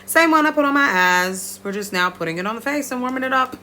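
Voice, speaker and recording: A woman walks her viewers through a makeup routine in a playful, chatty way, with a bright, forceful tone. She breaks into high squeals now and then. A faint hum sits under her voice. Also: fast talker. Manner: lively, playful, talks straight to viewers. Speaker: beauty vlogger.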